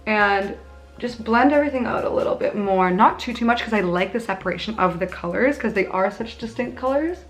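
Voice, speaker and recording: A woman's voice: mid-range voice, expressive, brisk, soft background music. Chatty young woman doing makeup tutorial. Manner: chatty, bubbly, self-mocking asides. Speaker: beauty vlogger.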